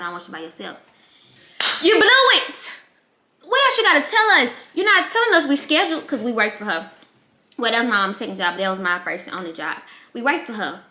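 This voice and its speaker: A young woman speaking in tells a personal story in a casual, candid way. Her voice is bright, and she acts out her relatives as she goes. The sound is roomy, with a noticeable echo. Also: medium pitch. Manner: candid, emotional, animated quoting of relatives. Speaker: vlogger. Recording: echoey room.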